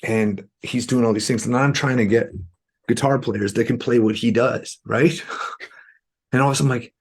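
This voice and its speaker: Gravelly, husky-voiced man telling stories. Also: mid-range voice, moderate pace. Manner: animated, acts out quoted dialogue. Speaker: musician guest. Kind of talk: storytelling interview talk.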